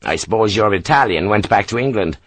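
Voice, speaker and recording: A man voicing an ebullient, middle-aged Irish engineer captain who speaks briskly and emphatically, with an Irish accent. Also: fairly low pitch, animated, a bit bright.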